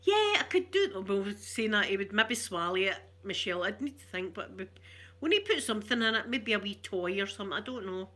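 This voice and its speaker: Soft-spoken Glaswegian woman, bright tone. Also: medium pitch, fairly quick. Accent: Glaswegian Scottish. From Glasgow, Scotland. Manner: soft-spoken, rambling, warm chatter with viewers. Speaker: ASMR livestream host. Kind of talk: chatty ASMR livestream.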